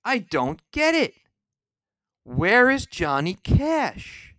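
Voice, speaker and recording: Angry man ranting, lively swinging pitch. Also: measured pace, no room sound, studio quality. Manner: angry, profane, shouting rant. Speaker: podcast host. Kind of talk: solo ranting podcast.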